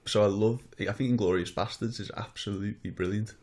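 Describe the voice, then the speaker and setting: A man's voice: lowish voice, fairly even intonation, a little fast, a little mellow. A man in casual podcast chat, easygoing and agreeable. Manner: easygoing, agreeable, laughs along. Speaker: podcast co-host.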